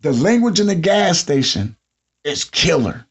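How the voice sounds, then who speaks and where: A man with a Southern US accent hosting a podcast, telling comedic stories about his job and mimicking customers in an animated way. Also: on the high side, measured pace, breathy edge. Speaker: podcast host. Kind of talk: comedic monologue. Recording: dull lo-fi sound.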